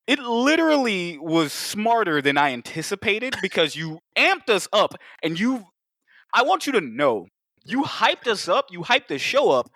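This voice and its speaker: A man's voice: sits high, no echo, studio quality. A man co-hosting a podcast in casual chat, telling stories with heavy swearing and acted-out quotes. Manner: profane, animated storytelling with acted-out quotes. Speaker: podcast co-host.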